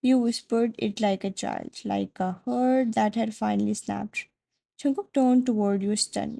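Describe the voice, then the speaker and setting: A woman narrating a second-person fan fiction story, soft and dramatic in her delivery. Her voice has a dark, mellow colour and a steady gravelly creak. She keeps a smooth storytelling flow. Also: mid-range voice, unhurried, low-quality recording.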